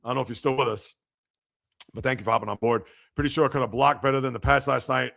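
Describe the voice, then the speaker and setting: A man hosting a live sports podcast, reacting to news and reading out viewer comments in an animated, chatty way. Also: medium pitch, quick pace, creaky. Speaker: podcast host.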